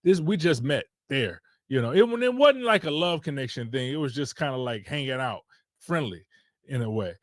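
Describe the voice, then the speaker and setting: A man's voice: mid-range voice, lively intonation, normal speed, dry recording, studio quality. A man from Detroit, a podcast host, telling a casual rambling story with loose restarts.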